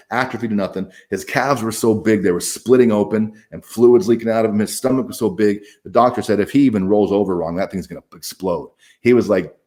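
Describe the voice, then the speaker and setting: Middle-aged male guest, lowish pitch, candid, swears freely, stumbles and restarts. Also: darkish tone. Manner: blunt, profane, restarts often. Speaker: podcast guest, author. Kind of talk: candid conversational storytelling.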